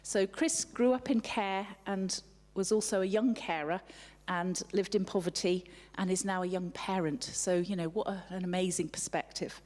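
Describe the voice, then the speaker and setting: A woman introduces a guest speaker at a live event, her words warm and admiring. Her voice sits at a mid pitch, and a long hall reverb hangs behind it. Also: fairly even intonation, moderate pace. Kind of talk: formal introduction.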